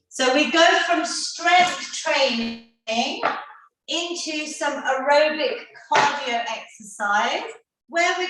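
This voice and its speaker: A woman's voice: sits high, fairly bright tone. Woman coaching a workout in an echoey room. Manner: encouraging, counts down reps and cheers everyone on. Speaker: fitness instructor. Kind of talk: leading a live online seniors' workout class. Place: indoor room, live video class. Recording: very echoey room, voice far from the mic.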